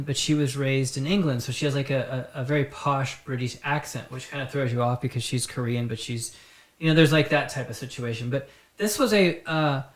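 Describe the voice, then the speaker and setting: A man hosting his own podcast, telling stories in a rambling, animated, profane comic style. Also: on the high side. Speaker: podcast host. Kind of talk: casual comedic storytelling. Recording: roomy echo.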